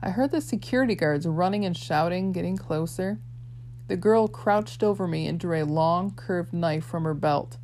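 A woman narrating an audiobook in first person, her voice sitting a little low. She reads expressively, moving between a boy's and a girl's voices. A faint hum runs under the recording. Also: normal speed, darkish tone.

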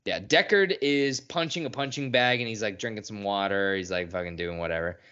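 A man's voice: lowish voice, fairly quick, clean tone. A man co-hosting a podcast, recapping a film in casual, profane chat and acting out scenes. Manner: animated, profane, acts out lines from scenes. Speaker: podcast co-host. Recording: dull lo-fi podcast audio.

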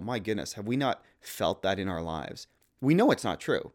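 With a fairly low, very animated voice at a moderate pace, a man in his thirties co-hosts a podcast. He works through theology in a casual but earnest, thoughtful discussion, reading Scripture aloud.

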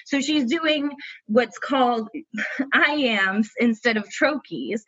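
A woman's voice: fairly high pitch, unhurried, fairly bright tone, breathy edge, dull audio. A woman co-hosting a podcast in casual chat, opinionated and emphatic, now and then swearing. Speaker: podcast co-host.

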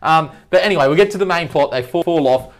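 A man's voice: fairly high pitch, fast talker. A man co-hosting a casual movie ranking chat, bluntly ranting and laughing through his complaints. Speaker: co-host.

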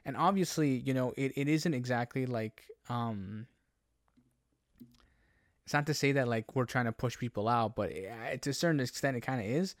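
A man's voice: mid-range voice, normal speed, no echo, studio quality. A man from Canada chatting casually as a co-host, easygoing and hesitant with many fillers. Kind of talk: casual chat.

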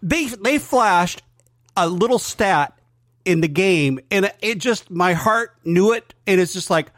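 An earnest man co-hosting a sports podcast, making his points in a measured, lecturing way. His voice sits a little high. The sound is dry and close. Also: animated, a bit bright, dry recording. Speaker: podcast co-host.

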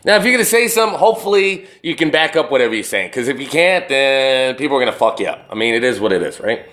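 Profane rambling young man, lively pitch. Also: quick pace. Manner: profane, rambling, swings between loud retelling and low muttering. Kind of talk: casual storytelling monologue to camera. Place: indoors, wall behind him.

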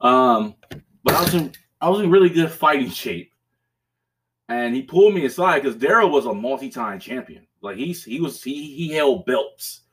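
A man's voice: medium pitch, expressive, moderate pace, fairly bright tone. A man hosting a podcast, telling a story in casual chat, profane and rambling, with restarts and bursts of laughter. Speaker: podcast host.

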